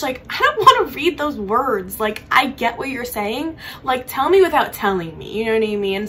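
A woman's voice: fairly high pitch, sharp tone, a little hiss or hum. A young woman talking casually as a book vlogger, chatty and giggly with lots of "like" fillers. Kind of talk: casual chat.

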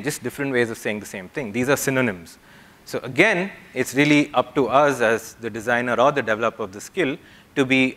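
A man's voice: mid-range voice, fairly bright tone. Man explaining at a tech conference. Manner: explanatory, checks in with the audience with "yeah?". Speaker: conference speaker. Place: conference hall.

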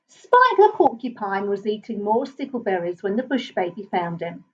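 A woman reading a children's picture book aloud in a gentle, expressive way. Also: mid-range voice, moderate pace, few pauses, dull audio. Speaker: storybook reader.

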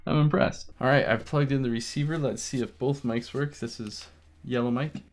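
A man giving a casual, chatty product review from a quiet small room, easily impressed, speaking into a cheap wireless handheld mic. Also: medium pitch, steady tone, moderate pace, no room sound, rough recording. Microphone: the reviewed unit's wireless handheld mic.

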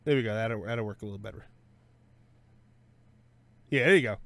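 A man's voice: fairly low pitch, moderate pace, vocal fry, fairly bright tone, no room sound. A man hosting a casual live stream, thinking aloud, joking and correcting himself with lots of fillers. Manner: self-correcting with frequent fillers. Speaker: streamer host.

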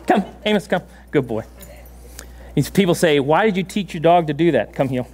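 A man preaching a sermon in a church, animated and laughing often, giving commands to a dog on stage. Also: a little high, normal speed. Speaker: pastor. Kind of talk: sermon with a live dog demonstration. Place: church sanctuary.

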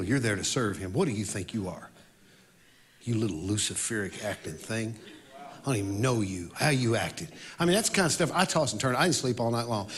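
Telling a story in a sermon, this male worship leader has a lowish voice. His delivery moves back and forth between loud outbursts and quiet reflection.

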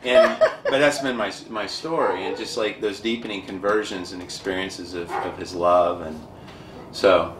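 A man with a somewhat low voice tells a personal story with animated, dramatic energy. His voice rings in an echoey room. A faint noise sits under the recording. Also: measured pace. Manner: animated, self-described dramatic. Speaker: guest.

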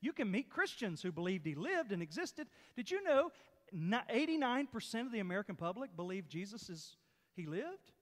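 A pastor's high, very animated voice fills a large hall as he preaches at a moderate pace in a church sanctuary. His sermon is emphatic and repetitive, surging and receding in force.

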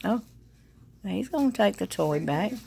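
A woman's voice: mid-range voice, expressive, measured pace, gravelly, darkish tone, a little hiss or hum. A woman, filming her dog at home on a phone and calling out bubbly sing-song commands and praise. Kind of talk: casual home video chat. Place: living room at home, on a sofa. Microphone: phone camera.

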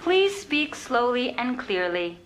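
A woman voicing a polite, unflappable voice-activated lift, calm and scripted. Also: fairly high pitch, takes it slowly. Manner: calm, prim, scripted automated phrasing. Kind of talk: sketch comedy acting. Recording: studio audience laughter over background noise.

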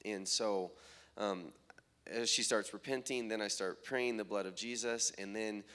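A young man, a minister, telling testimony stories from healing meetings, halting with fillers and growing excited as he retells what people said. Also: lowish voice. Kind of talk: testimony storytelling.

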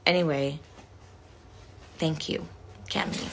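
A chatty, unhurried woman on a phone livestream. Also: lowish voice, expressive, noisy background. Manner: reading fan cards aloud, chatty with frequent "like". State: tired. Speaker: actress thanking fans on a livestream. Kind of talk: casual livestream chat. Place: indoor room with couches.

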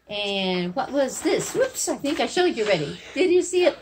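A woman with a lightly voice teaches young children Spanish animal words in a remote video lesson. Her voice sits a little high and swings widely up and down in a sing-song way. She talks slowly and patiently, coaxing answers. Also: very animated, slight background noise.

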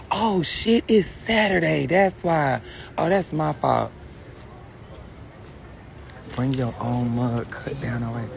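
A man vlogging casually from inside a car, joking loudly and cursing as he talks to his viewers. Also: mid-range voice, slow, gravelly, long pauses. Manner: loud, joking, profane banter with the viewers. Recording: car noise in the background.

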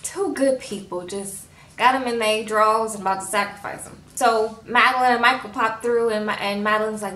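A woman's voice: on the high side, steady tone, moderate pace, sharp tone, far from the mic. A woman recapping a TV episode in a casual, chatty way, acting out the characters' lines as she goes. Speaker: TV episode reviewer. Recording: roomy echo, a bit off-mic.

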